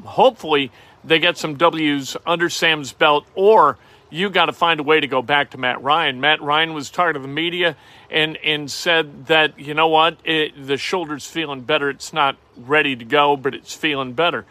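Middle-aged man, sports talk host, high bright voice, wry and animated, dry close sound. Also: normal speed, dry recording. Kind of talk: casual opinionated sports talk.

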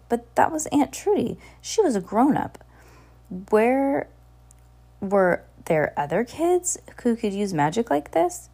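A woman reading a children's chapter book aloud with expressive, animated storytelling. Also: medium pitch, vocal fry. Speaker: storybook reader.

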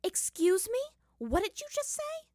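A woman's voice: very high-pitched, lively intonation, normal speed, no room sound, studio quality, voice pushed up. A woman voicing a fierce, hot-tempered teenage girl who scolds sharply, in a fan fiction reading. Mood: indignant. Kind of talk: fan fiction read aloud.

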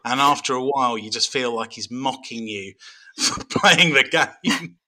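A man's voice: medium pitch, unhurried, sharp tone. A man co-hosting a casual chat about games, wry and jokey, often breaking into laughs.

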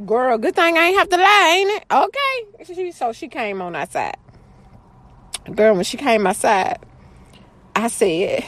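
A woman telling a story about her family to viewers in a chatty, dramatic way, jumping between loud exclaims and low asides and calling out to the audience. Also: big pitch swings, measured pace, pauses often, no echo. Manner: chatty, addresses the audience directly with "girl" and "y'all". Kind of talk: casual storytelling to camera.

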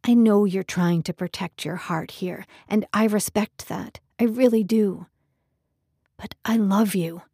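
Lady reading as a young guy in love, pleading hard, slow and low-key, dark gravelly voice. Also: no room sound, clean studio sound. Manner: pleading, insistent.

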